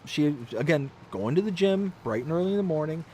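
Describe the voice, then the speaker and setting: A man's voice: a little high, lively intonation, brisk, mellow, a little hiss or hum. A man hosting a livestream, telling rambling stories and reading viewer comments aloud in a casual way. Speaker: livestream host.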